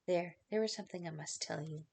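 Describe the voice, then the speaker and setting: A woman's voice: lowish voice, darkish tone, husky. A woman reading as a frightened, hesitant young girl. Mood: anxious. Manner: hesitant, halting, pleading. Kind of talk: dramatic reading of a novel.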